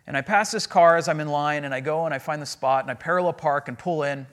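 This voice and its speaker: A man preaching a sermon as a pastor, in animated, conversational storytelling. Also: fairly high pitch, fast.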